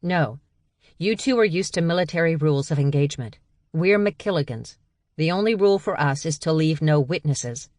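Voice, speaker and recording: A woman voicing a tough young woman who states threats flatly in an audiobook. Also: sits low, normal speed, no room sound, studio quality. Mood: blunt. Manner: blunt, matter-of-fact threats. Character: tough young woman, wry and deadly calm.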